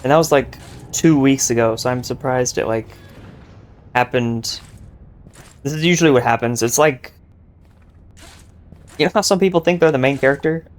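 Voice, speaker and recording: A man's voice: medium pitch, normal speed, long pauses. A young man giving casual, joking gameplay commentary, boastful and rambling with lots of filler words. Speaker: gaming YouTuber.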